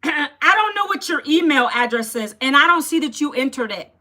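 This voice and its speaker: Loud, blunt woman in her 50s. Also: high voice, lively intonation, moderate pace. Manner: loud and blunt, close to yelling; scolds chat viewers directly. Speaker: livestream host selling an online program. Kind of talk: live-stream sales talk to chat.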